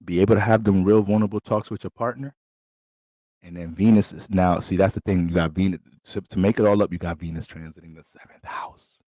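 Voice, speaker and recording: A man's voice: low-pitched, steady tone, brisk, mellow, no echo, clean studio sound. A man giving an astrology forecast in a casual, blunt and profane way. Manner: blunt, streetwise and heavy on profanity. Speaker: astrologer giving a sign reading.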